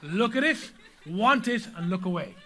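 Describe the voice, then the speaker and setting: A man voicing a smooth-talking male car salesman who is sharing sly advice. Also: sits high, lively intonation, moderate pace, sharp tone, a little hiss or hum. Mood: confiding.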